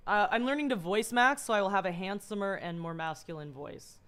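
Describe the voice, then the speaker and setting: A woman's voice: medium pitch, a little fast, a bit bright, smooth. A woman streamer chatting casually as she reacts to a video, talking freely and swearing often.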